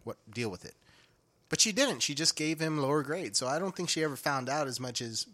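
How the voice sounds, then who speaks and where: Animated young man with a bright voice. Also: a little high, fast. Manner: animated, laughs often, heavy swearing. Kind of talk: casual storytelling chat.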